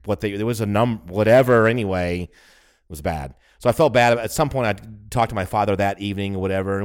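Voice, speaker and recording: A podcast co-host in casual chat tells long, rambling stories full of swearing, laughing at himself along the way. His voice is fairly low and quick, with a clean tone.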